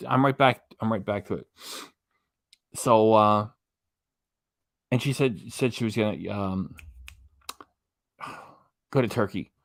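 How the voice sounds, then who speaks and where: A man's voice: fairly low pitch, takes it slowly, long pauses, dry recording, studio quality. A man hosting a reaction channel, giving rambling, mocking casual commentary on a clip. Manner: mocking, rambling, loses his train of thought.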